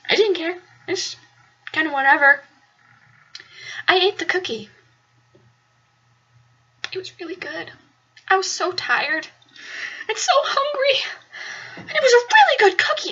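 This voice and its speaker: A woman's voice: extremely high pitch, sing-song, normal speed, pauses often, pushed and bright, lo-fi sound. A young woman telling a story in a casual, chatty way, rambling and repeating herself for emphasis. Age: young adult. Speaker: vlogger.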